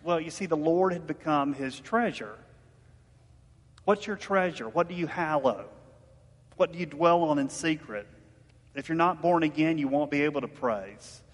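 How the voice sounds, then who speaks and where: A man's voice: on the high side, moderate pace. A man preaches a sermon, talking with his listeners and asking them questions, and he tells stories as he goes. His voice sits a bit above the usual male range. It rings with the long reverb of a large hall. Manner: conversational preaching with rhetorical questions and storytelling. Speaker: pastor.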